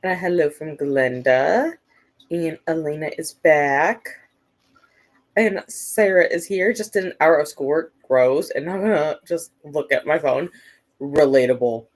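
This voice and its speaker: A woman's voice: low-pitched, lively intonation, unhurried. A woman hosting a casual livestream, chatting and reading viewer comments aloud, with lots of "like" and "um" fillers. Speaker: livestream host. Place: at home at her computer.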